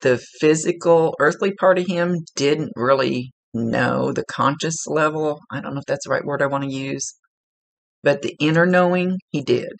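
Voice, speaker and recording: A man working as a psychic medium, giving a relaxed, conversational reading. He is chatty, laughs easily and often corrects himself mid-sentence. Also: on the high side, moderate pace, vocal fry.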